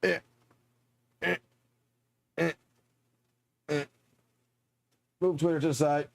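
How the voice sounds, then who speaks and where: A man's voice: on the high side, steady tone, slow pace, vocal fry, dry recording. Man, casual reaction stream, offhand muttering, curses freely, dry close sound.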